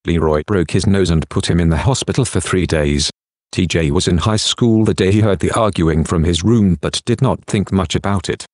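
A man hosting a podcast, reading scripted narration and reflective questions in a measured way. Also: sits low, darkish tone, dry recording, studio quality.

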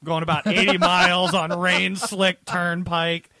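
A man co-hosting a casual talk show, recorded dry and close to the mic. He tells a rambling story in a voice set a little high, cursing freely and sounding fed up. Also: little pitch movement, unhurried, creaky, bright, forceful tone, no room sound. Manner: profane, exasperated storytelling. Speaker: co-host. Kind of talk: casual podcast chat.

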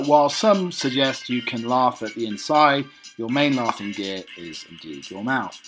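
A man hosting a relaxed show, working through lists item by item and breaking off to gush about them. His voice is bright and sharp-edged, with faint music underneath. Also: medium pitch, measured pace, few pauses. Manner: reads items one by one with enthusiastic asides. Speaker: host. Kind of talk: casual read-through of lists.

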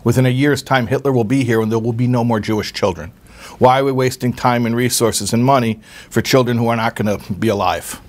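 A man's voice: mid-range voice, steady tone, fairly quick, close to an everyday voice. A man voicing a cruel, scornful hospital nurse while retelling a story. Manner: cold, contemptuous.

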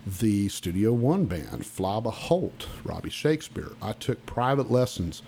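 This Oklahoma-born musician, interviewed on a podcast, recalls his youth in a fairly low, warm, sing-song voice that runs a little slow. His storytelling is casual but blunt and emphatic, with frequent restarts over slight background noise.

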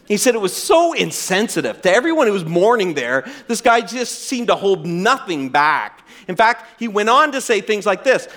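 A man preaching a sermon as pastor, swinging from emphatic, raised lines to soft, drawn-out words, then leading a prayer. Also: sits high, very animated.

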